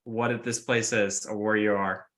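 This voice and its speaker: Bright-voiced man running a tabletop game. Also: lowish voice, flat delivery, moderate pace. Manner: casual, many fillers, describing scenes. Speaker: game master.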